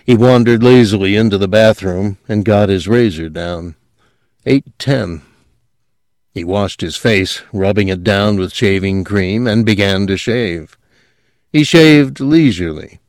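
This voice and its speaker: A man reading a story aloud as narrator, measured and steady, dropping quiet at moments. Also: on the low side, dry recording, clean studio sound. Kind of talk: audiobook narration.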